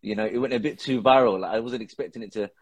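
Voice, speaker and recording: Speaking quickly in a lowish, darkish voice, the same dad known for videos with his daughter shares a heartfelt story on a laid-back podcast. Arabic religious expressions run through his speech, and the recording is dry.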